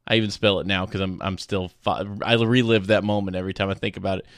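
A man's voice: low-pitched, little pitch movement, fast, dry recording. Easygoing man co-host, dry sound. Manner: easygoing, laughs often, tells stories. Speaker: podcast co-host. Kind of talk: casual chat.

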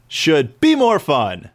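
A man chatting as a guest in a casual interview, excitable and playfully teasing, recorded dry on a handheld recorder mic. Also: on the high side, drawn-out words, heavy background noise. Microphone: handheld recorder mic, remote call.

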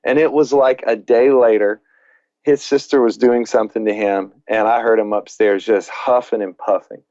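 A man's voice: lowish voice, steady tone, moderate pace, warm tone, no echo, highs cut off. A man in his late thirties, talking earnestly in a casual faith conversation and telling family stories, often restarting his sentences. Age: late 30s. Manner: earnest, repeats words when starting sentences.

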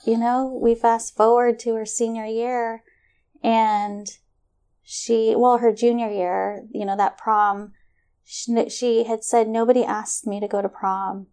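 A middle-aged woman telling a personal story in conversation, animated and acting out the voices of others, often laughing. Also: on the high side, takes it slowly, clear, resonant tone. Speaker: guest.

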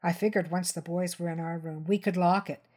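A woman's voice: lowish voice, fairly quick. Woman narrating a tense crime story. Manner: tense, steady first-person narration. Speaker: story reader. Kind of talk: dramatic short-story reading.

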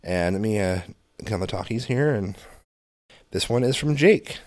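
A man's voice: on the low side, lively intonation, normal speed, darkish tone, no room sound, clean studio sound. Rambling man co-hosting a podcast. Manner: rambling, self-correcting, chuckling. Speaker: podcast co-host. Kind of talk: casual chat.

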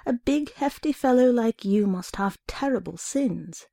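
A woman's voice: fairly high pitch, expressive, a little slow, mellow, dry recording, clean studio sound. A woman reading aloud, voicing a young male priest who scolds and hisses in anger. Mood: gloomy. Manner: scolding, hissing. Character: angry young male priest, gruff then gloomy.

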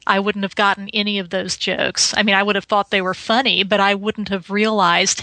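On a podcast, a forties-aged woman talks briskly with hardly any pauses, her medium voice pushed and bright with little pitch movement. She's thoughtful yet hesitant in casual chat, leaning on fillers and "you know"; the recording is rough, without echo.

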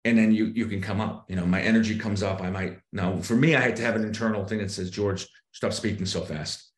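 Animated lowish male agent, roomy sound. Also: fast. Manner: animated, acts out sales calls with shifting tone. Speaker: real estate agent, guest. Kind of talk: casual podcast chat. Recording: roomy echo.

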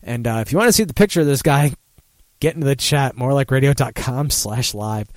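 A man's voice: medium pitch, brisk, darkish tone, no room sound. A man hosting a casual talk show, rambling and swearing freely while laughing at his own jokes. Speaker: host. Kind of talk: casual talk-radio banter.

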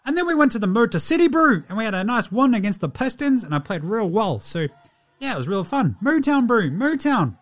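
A man's voice: very high voice, big pitch swings, brisk. A man putting on a laid-back young New Zealand basketball player with an exaggerated New Zealand accent, drawling and tacking "Brew" and "eh" onto every phrase. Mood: cheerful.

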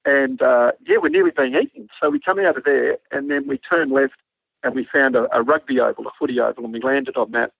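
Fairly quick and medium-pitched, with vocal fry and a breathy edge, this Australian man, once an army pilot, spins an animated yarn on radio. He performs the quoted lines himself, heard over a dry, narrow, phone-like line with no echo.

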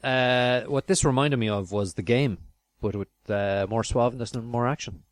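A man's voice: mid-range voice, moderate pace, no room sound. Rambling male film podcast host. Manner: rambling, many fillers and restarts, laughs often. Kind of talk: casual film review chat.

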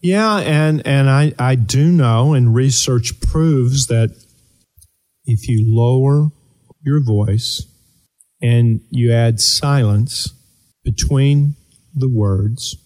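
A man hosting a motivational talk show, coaching listeners earnestly with rhetorical questions and deliberate pauses. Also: medium pitch, a little mellow. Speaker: host and performance coach.

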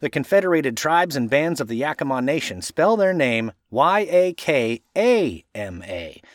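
A man from Washington state hosting a podcast, reading a script playfully and spelling out place names slowly to correct how they are said. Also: mid-range voice, no echo, studio quality. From Washington state, USA. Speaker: podcast host.

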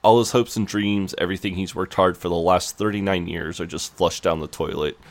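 A man's voice: deep voice, fairly even intonation, a little fast. A man co-hosting a podcast, recapping a TV episode in casual chat with dry jokes. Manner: dry, joking, retells scenes in quoted voices. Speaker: podcast co-host.

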